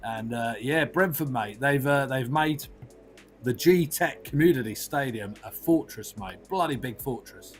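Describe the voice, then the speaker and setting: A man's voice: medium pitch, measured pace, soft background music, close to an everyday voice. A man doing a comedic impression of a blunt, swearing Australian football manager, with a broad Australian accent, tagging nearly every line with "mate". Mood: gleeful ranting. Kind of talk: comedic impression in podcast chat.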